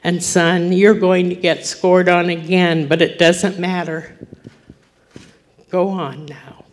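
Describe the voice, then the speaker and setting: A woman voicing a loving father who comforts his son in a slow, hushed, near-whispered voice. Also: lowish voice, fairly even intonation. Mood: tender. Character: tender loving father, grown man.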